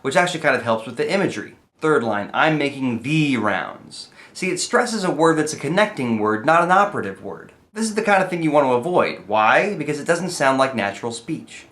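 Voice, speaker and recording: A man's voice: fairly high pitch, big pitch swings, fast, hardly any pauses, fairly bright tone. A young man giving a playful, comedic lesson on writing song lyrics, sometimes singing his examples. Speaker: songwriting teacher.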